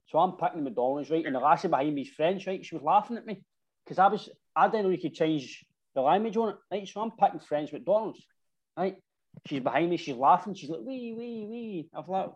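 Man, Scottish accent, casual rambling anecdote, slightly high voice. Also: darkish tone, muffled recording. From Scotland. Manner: rambling anecdotes with slang and frequent "right?". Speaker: football supporter telling stories. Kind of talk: casual chat.

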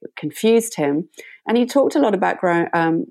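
A woman meditation teacher, a guest in an interview, telling a story in a gentle and reflective way. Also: lowish voice, expressive, moderate pace, gravelly.

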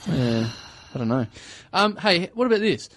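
A man hosting a podcast, telling stories in a casual, animated way and laughing often. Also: on the high side, moderate pace. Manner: animated storyteller, laughs often, acts out voices. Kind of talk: casual chat.

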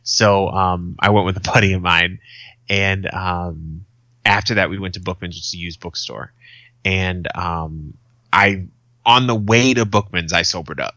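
Male podcast co-host, thirties, swearing storyteller, bright edgy tone, dry close sound. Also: low-pitched, steady tone, measured pace, no room sound. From Arizona, USA. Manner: swearing, storytelling with acted quotes. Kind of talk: casual chat.

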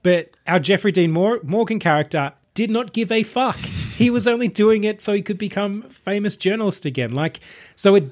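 A man's voice: high-pitched, expressive, normal speed. A man co-hosting a film podcast, chatting casually and animatedly, swearing freely. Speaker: podcast co-host. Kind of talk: casual chat reviewing a film.

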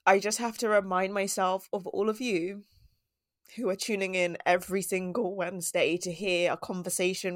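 A woman's voice: medium pitch, no echo, clean studio sound. A woman hosting her own podcast, talking chattily and with feeling to her listeners. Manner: emotional, grateful, chatty. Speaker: podcast host. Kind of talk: solo podcast talk.

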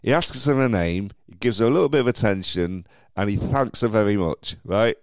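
A man hosting a podcast, telling stories in a lively, casual way with stammered restarts. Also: on the low side, brisk, no room sound, clean studio sound. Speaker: podcast host.

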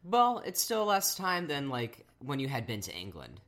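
A man's voice: medium pitch, huge pitch swings, moderate pace, fairly bright tone. A man co-hosting a podcast in casual chat, with loose talk full of fillers. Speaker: podcast co-host.

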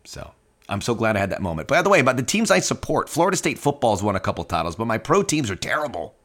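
A man hosting a soccer podcast, telling a heartfelt personal story with animated quoted dialogue. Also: mid-range voice, quick pace. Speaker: podcast host.

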